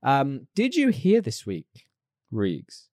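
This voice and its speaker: A man's voice: medium pitch, wildly swooping pitch, takes it slowly, darkish tone, no echo, studio quality. A man co-hosting a podcast in casual chat, chatty and playful, laughing easily. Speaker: podcast co-host.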